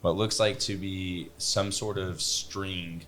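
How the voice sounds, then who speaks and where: A man narrating as game master, halting and relaxed, with many fillers. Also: low voice, slight background noise. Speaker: dungeon master.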